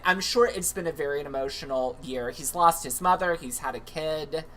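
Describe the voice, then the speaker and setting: A man's voice: fairly high pitch, animated, normal speed, few pauses, pushed and bright. A man hosting a livestream, chatting in a campy, comedic way with lots of asides. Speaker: livestream host. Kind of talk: casual comedic commentary.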